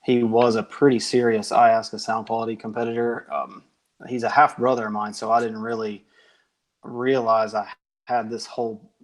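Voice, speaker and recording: A man's voice: mid-range voice, level tone, normal speed. A man answering interview questions in an easygoing, rambling way with plenty of fillers. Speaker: guest, company founder.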